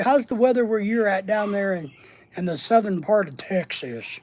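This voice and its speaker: A man's voice: sits high, lively intonation, normal speed. A middle-aged man hosting a casual livestream, rambling and joking as he reads and answers the chat. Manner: rambling, jokey, repeats words and lists. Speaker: livestream host reading chat.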